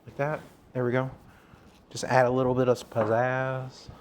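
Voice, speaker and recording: This man chats with viewers on a live stream from his kitchen, asking them questions and rambling while he cooks. He speaks at normal speed in a mid-range voice with a completely flat delivery, over a little hiss or hum.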